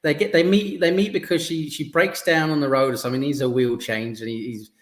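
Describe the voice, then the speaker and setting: A man's voice: on the high side, fairly even intonation, fairly quick. A man hosting a podcast in casual chat, enthusiastic, often stumbling and repeating words. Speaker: podcast host. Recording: echoey room.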